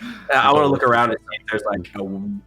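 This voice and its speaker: A man player at a tabletop game, asking quick, practical questions. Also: lowish voice, music in the background.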